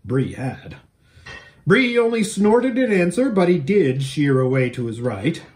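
A man, a pastor, reading a children's book aloud in an expressive, animated storytelling manner. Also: on the high side, a little slow.

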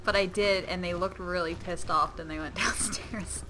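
A young woman giving excitable, giggly let's-play commentary at home while gaming. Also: fairly low pitch, moderate pace. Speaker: gamer. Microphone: webcam or desk mic. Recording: noisy game audio behind.

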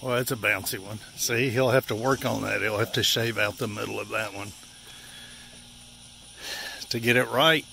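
A man's voice: fairly low pitch, fairly even intonation, normal speed, vocal fry, pauses often, noisy background. A man with an Appalachian accent narrating outdoor work casually, out of breath and joking in folksy slang. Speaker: vlogger.

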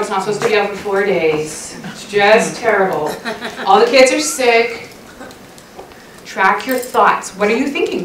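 A woman's voice: fairly high pitch, distant mic, slight background noise. A woman giving an earnest devotional talk at a women's church session, asking many questions and closing in prayer. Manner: earnest, asks many questions, animated storytelling. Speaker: speaker at a women's conference session. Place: church hall. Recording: echoey hall, voice from off-mic.

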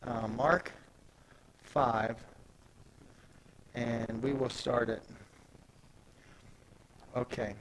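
A man preaching a sermon as pastor, animated and conversational, swinging from soft asides to loud emphatic peaks. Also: medium pitch, very slow, long pauses, a little hiss or hum, rough recording. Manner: conversational, retells scripture in everyday speech.

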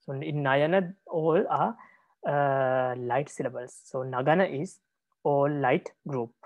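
Slow, patient monk teaching a class. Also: male voice, on the high side, no echo, dull audio. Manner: patient, repeats words, many hesitations. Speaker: Buddhist monk teaching Pali.

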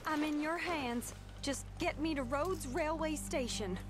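A woman's voice: high voice, unhurried. An actress playing an earnest, emotional young woman in a video game cutscene. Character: earnest young woman in love, fleeing her family. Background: loud game music.

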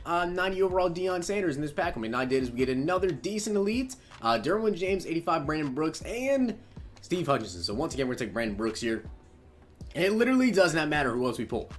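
A young man commenting on his own game pack openings, casual and animated, shouting with excitement at big pulls. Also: a little high. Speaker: gaming YouTuber opening packs.

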